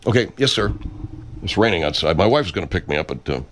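A man's voice: low-pitched, animated, fast, fairly bright tone. Meek rambling man, faint noise. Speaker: studio owner. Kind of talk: improvised comedy sketch.

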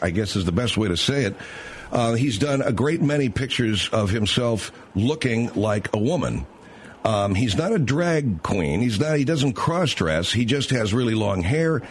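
A man hosting late-night talk radio, his speech wandering and full of ums and restarts. His pitch sits in an ordinary middle range. A faint hiss of noise runs under his voice. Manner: rambling, hesitant, many fillers. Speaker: radio talk show host.

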